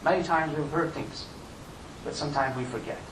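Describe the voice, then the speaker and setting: A man giving an impassioned Friday sermon as imam, his voice surging high and loud on key points. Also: fairly even intonation, fairly quick, a little hiss or hum. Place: mosque prayer hall. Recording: echoey room miked from a distance.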